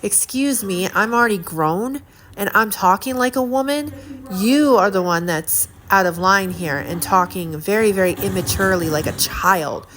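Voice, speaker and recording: A woman's voice: medium pitch, moderate pace. A middle-aged woman talking to camera in a rambling, indignant way, with many fillers and repeated words. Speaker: vlogger. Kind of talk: casual monologue to camera. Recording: steady audible background noise.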